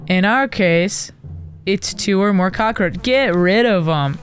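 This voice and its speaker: Excitable woman commenting on a game. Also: mid-range voice, takes it slowly. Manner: excitable, melodramatic, sarcastic asides. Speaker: gaming streamer. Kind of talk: casual gameplay commentary.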